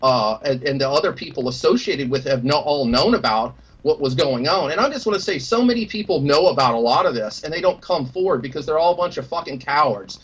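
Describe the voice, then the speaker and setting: A man hosting a podcast in blunt, profane, animated casual chat. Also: a little high, a little fast, few pauses. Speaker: podcast host. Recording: dull lo-fi sound.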